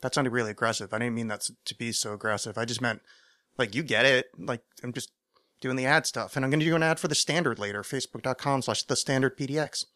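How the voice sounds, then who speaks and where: A man's voice: mid-range voice, fast, sharp tone, no echo, clean studio sound. A man hosting his own podcast, rambling through a casual monologue, interrupting himself and poking fun at his own ideas. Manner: rambling, self-deprecating, digressive. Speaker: podcast host.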